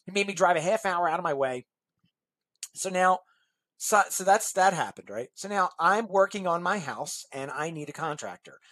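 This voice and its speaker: A man sits as a guest on an interview podcast, telling a rambling personal anecdote. His voice has a husky, slightly breathy edge. He acts out the people in his story as he goes along. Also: high voice, moderate pace. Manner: lively storyteller acting out other people's lines.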